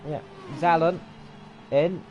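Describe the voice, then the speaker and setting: A man calls a sim race live, chatty and often unsure, stopping to correct himself. Game car engines roar loudly behind his voice. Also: fairly high pitch, steady tone, slow pace, dull audio, a little hiss or hum. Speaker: race commentator. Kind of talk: live sim racing commentary. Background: racing game car engines.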